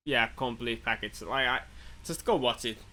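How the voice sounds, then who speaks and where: A man with a bright, forceful voice chats with a friend on a podcast. He is casual and enthusiastic and laughs easily as he talks. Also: medium pitch, moderate pace. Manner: chatty, laughs often, enthusiastic. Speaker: podcast co-host. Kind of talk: casual chat.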